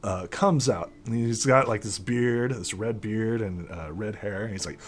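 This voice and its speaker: Young male game master, lowish voice, rambling casual narration. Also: measured pace. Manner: rambling, heavy with fillers.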